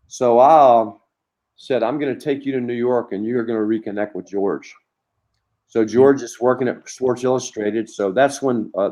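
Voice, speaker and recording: A middle-aged man, a former college basketball coach, telling long anecdotes as a podcast guest with lots of restarts. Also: mid-range voice. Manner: rambling, animated anecdotes with many restarts. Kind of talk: storytelling in a conversation.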